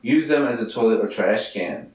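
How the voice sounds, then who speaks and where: A man's voice: lowish voice, lively intonation, normal speed, roomy sound, far from the mic, rough recording. A man co-hosting a podcast, teasing and swearing, with frequent laughter. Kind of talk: casual podcast chat.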